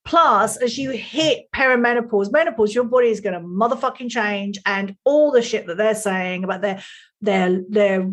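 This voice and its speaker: A woman's voice: on the high side, moderate pace, a bit bright. A middle-aged woman coach talking bluntly and animatedly in a casual interview, swearing freely. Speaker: life and sex coach.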